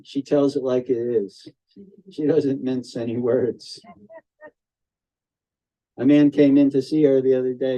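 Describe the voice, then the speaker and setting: An older man giving a devotional talk to a group over a video call, telling stories slowly and circling back on his phrases. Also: medium pitch, dark tone, low-quality recording. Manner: slow, storytelling, repeats and restarts phrases. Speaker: spiritual teacher.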